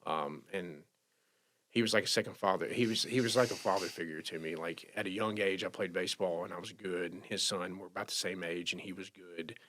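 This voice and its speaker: A man with a low, slightly bright voice appears as a podcast guest, casually telling the story of his recovery. He speaks with emotion, haltingly, restarting his sentences many times.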